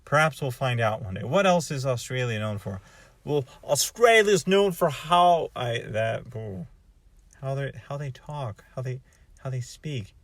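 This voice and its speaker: A man's voice: mid-range voice, animated, unhurried, no echo. A man from North America giving a casual, rambling vlog monologue, thinking aloud and often restarting his sentences. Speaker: vlogger.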